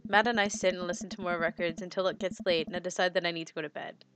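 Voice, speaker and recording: A woman's voice: lowish voice, fairly even intonation, quick pace, fairly bright tone. A young woman streaming a dating game, reading its text aloud in a giggly way, often tripping over words and correcting herself. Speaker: gaming streamer.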